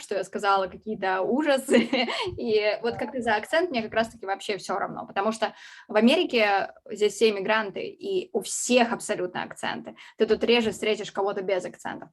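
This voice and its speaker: Woman blogger chatting on a video call, easygoing, laughs a lot. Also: mid-range voice. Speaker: blogger and class co-host. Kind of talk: casual chat on a video call.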